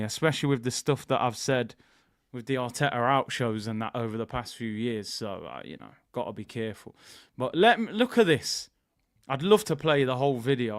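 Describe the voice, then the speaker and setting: A man's voice: medium pitch, dry recording, studio quality. A young man from hosting a football channel, chatting casually with jokey banter and slang. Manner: animated, jokey, slangy banter with put-on voices. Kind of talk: casual live-stream chat.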